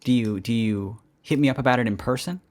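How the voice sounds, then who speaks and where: A man co-hosting a casual podcast, talking with a hoarse voice in a playful, teasing, self-mocking way. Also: mid-range voice, fairly quick, darkish tone. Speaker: podcast co-host. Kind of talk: casual chat. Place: California.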